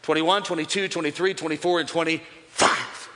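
A man preaching a sermon to a large church crowd, energetic and building to shouts. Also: high-pitched, brisk. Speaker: pastor. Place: large church with overflow campuses. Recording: long hall reverb.

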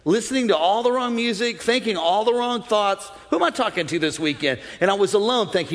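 A middle-aged man preaching a sermon as pastor, animated, swinging between loud exhortation and low, confiding asides. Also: a little fast, hardly any pauses. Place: large church auditorium. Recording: long hall reverb.

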